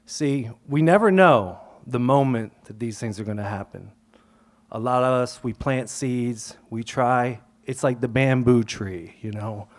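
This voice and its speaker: A young adult man tells a true story to a live audience. He acts out the quotes and shifts his voice, at times falling to a hush. His tone is relaxed and conversational. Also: medium pitch, measured pace. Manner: animated, acts out quotes, drops to whispers. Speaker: storyteller on stage.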